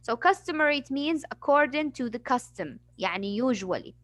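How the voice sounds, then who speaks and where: High-voiced woman teaching English vocabulary. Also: expressive, a little fast, a bit bright. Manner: patient explaining, acts out examples. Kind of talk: classroom vocabulary lesson.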